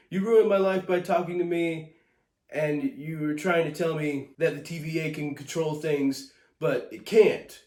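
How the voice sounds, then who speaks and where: Guy putting on a shrill whiny lady voice, nagging nonstop, roomy echo. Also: steady tone, unhurried, a little mellow, natural voice. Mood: mocking whine. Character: whiny accusing young woman, nagging. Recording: echoey room.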